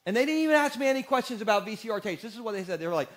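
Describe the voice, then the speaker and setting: High-voiced joking pastor. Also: male voice, very fast. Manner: energetic, joking, asks the congregation questions. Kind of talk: sermon. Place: church sanctuary.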